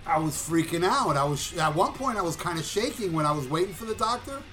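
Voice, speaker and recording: A man casually telling a long story on a talk show, animated and profane, acting out voices and shouting at the punchlines. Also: fairly high pitch, a little fast, faint music behind. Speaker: podcast co-host.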